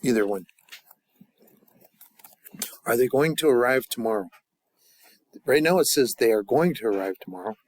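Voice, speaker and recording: A man teaching a language class in a casual way, drilling phrases slowly and chatting loosely between them. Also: mid-range voice, lively intonation, darkish tone, no room sound.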